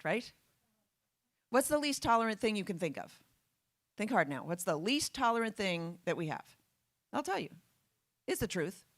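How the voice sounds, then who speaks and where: A woman's voice: medium pitch, no echo, studio quality. A woman giving a public talk to an audience, emphatic and full of rhetorical questions. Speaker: guest speaker.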